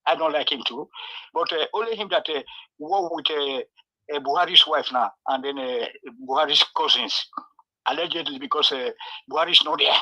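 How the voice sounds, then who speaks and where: A Nigerian man calls in over a tinny phone line to give his opinion. His voice is high and very bright. He hesitates often with fillers and drops into pidgin. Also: moderate pace. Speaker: caller.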